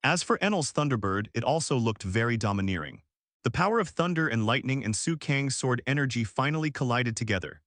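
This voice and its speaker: A man narrating an audiobook as scripted narration, reading in a flat, even way. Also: mid-range voice, fairly quick, no echo, clean studio sound.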